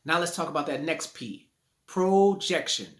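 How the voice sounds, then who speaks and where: A man's voice: a little high, animated, normal speed, fairly bright tone. A man giving a casual video lesson on public speaking from his living room, recorded on a phone in selfie mode, talking conversationally and playing with rhymes. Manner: playful, conversational, rhyming catchphrases.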